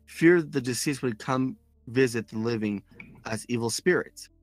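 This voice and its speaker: Male podcast co-host, halting and dry. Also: mid-range voice, no echo, faint music behind. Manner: reads listener comments with halting restarts. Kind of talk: casual chat.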